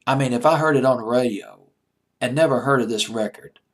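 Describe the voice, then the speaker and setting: Southern guy with a husky voice just rambling casually about old pop songs, mid pitch. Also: fairly quick. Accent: American Southern. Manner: rambling, chatty, self-mocking. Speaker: music countdown host. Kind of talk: casual music commentary.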